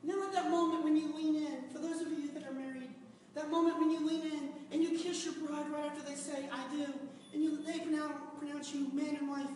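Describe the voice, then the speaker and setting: A man giving a humorous personal story speech to a club audience, animated and laughing along as he tells it. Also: extremely high pitch, a little fast. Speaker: speaker at a public speaking club. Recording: echoey hall, recorded from far off.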